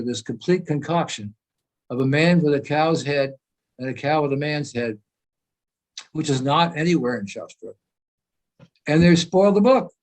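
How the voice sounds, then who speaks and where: Older man, emphatic, slightly high voice. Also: darkish tone, poor audio. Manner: earnest, emphatic, rambling with restarts. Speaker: guest speaker. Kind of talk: conversational video-call talk. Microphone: video call.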